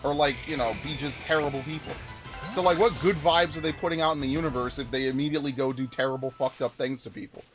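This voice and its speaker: A man's voice: on the high side, fast, a bit bright. A man giving profane, ranting let's-play commentary while reacting to chat comments. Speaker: gaming YouTuber. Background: game music.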